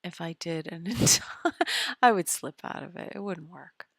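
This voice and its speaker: A woman's voice: lowish voice, moderate pace, dry recording, studio quality. A woman hosting an astrology live stream, chatting casually and muttering half-whispered asides to herself while she fixes her screen sharing. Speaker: astrology show host.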